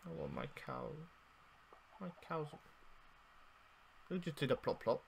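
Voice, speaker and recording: Lively man ranting over his game. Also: fairly high pitch, a little slow, creaky, slight background noise. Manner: exasperated, swears, swings from loud outbursts to mock mourning. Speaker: gaming YouTuber. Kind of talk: casual game commentary.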